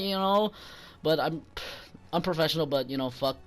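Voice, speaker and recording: Speaking a little fast with long pauses, the young vlogger from a gaming channel sounds animated and a little high. His casual story about a rude customer at work is profane and rambling, and he heats up when quoting himself.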